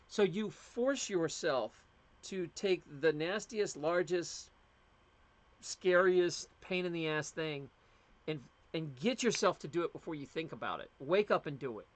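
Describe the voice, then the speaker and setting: A man's voice: a little high, lively intonation, normal speed. A middle-aged man from the United States, hosting a casual livestream and chatting in a rambling way with plenty of fillers and restarts. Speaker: livestream host.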